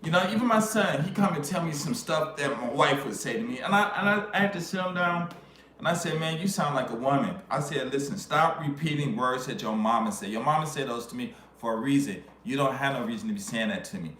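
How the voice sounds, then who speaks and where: Middle-aged male vlogger, rambling slangy rant, bursts loud now and then, echoey room. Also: medium pitch, fairly quick. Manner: loose, rambling, slangy, with sudden raised outbursts. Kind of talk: casual rant to camera. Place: living in Japan. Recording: echoey room with faint ambient noise.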